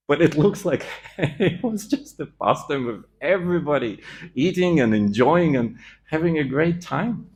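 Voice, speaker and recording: A man's voice: a little high, lively intonation, moderate pace. A man giving a scripture class in a temple, telling the story with animation and acting out the quoted lines.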